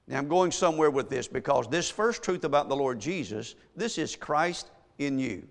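Preaching man with a gravelly, ringing voice. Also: fairly high pitch, lively intonation, moderate pace, in a large hall. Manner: preaching with rising, emphatic scripture reading. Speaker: pastor. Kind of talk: sermon. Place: church sanctuary.

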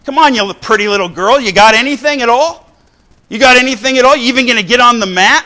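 A middle-aged man preaching a fiery sermon, exhorting the crowd with repeated lines and sudden bursts of shouting. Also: very high-pitched, fast talker. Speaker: pastor.

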